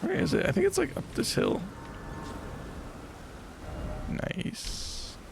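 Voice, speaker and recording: A man's voice: extremely high pitch, wildly swooping pitch, takes it slowly, gravelly, noisy background. A man streaming a game live, chatting casually and playfully while he plays, often laughing and teasing what happens on screen. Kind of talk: casual live gameplay commentary.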